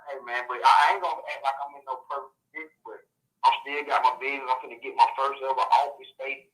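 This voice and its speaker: A man's voice: mid-range voice, fast, low-quality recording. A man calling in to a podcast, telling a long personal story in a casual, profane way and acting out what others said. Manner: profane, animated storytelling with quoted dialogue.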